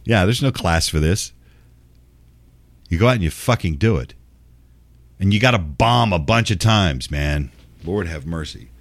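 A man's voice: low voice, animated, a little slow, pauses often, dry recording. A middle-aged man hosting a show, delivering a profane, sarcastic, exasperated ranting monologue. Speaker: show host.

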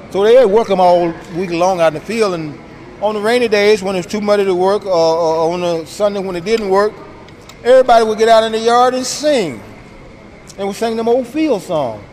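A man telling stories in a casual chat, acting out voices as he goes. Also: high voice. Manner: animated storyteller, acts out voices. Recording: noisy outdoor street recording.

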